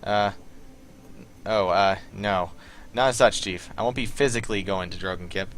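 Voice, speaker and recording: A man voicing a nervous, indebted male hacker with a put-on Southern accent, talking in halting, filler-heavy bursts. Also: on the low side, fairly bright tone, a little hiss or hum, close to an everyday voice. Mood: scheming.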